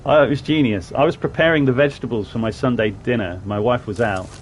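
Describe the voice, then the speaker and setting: A man's voice: mid-range voice, fast, slight background noise. A man from southwest England chatting casually while streaming a game, rambling and greeting viewers in chat. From Plymouth, southwest England. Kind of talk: casual live-stream gameplay commentary.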